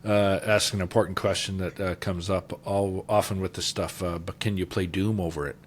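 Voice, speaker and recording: A man's voice: deep voice, steady tone, moderate pace, a little hiss or hum. A man from Canada co-hosting a livestream, reading out viewer questions in an easygoing, often laughing way. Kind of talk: casual livestream Q&A chat.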